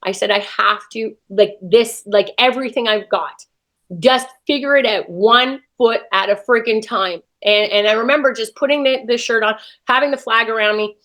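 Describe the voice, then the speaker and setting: A Canadian woman being interviewed as a guest tells a personal story at a moderate pace in a slightly high voice. She speaks with lively feeling and acts out her own past thoughts as she goes.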